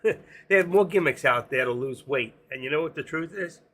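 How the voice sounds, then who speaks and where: A man in his sixties hosting a casual stock trading livestream, rambling and joking between chart calls, his voice going hoarse. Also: a little high, animated, moderate pace, fairly bright tone. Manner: rambling, joking asides, sings snatches of songs. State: losing his voice. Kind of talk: casual live-stream market commentary.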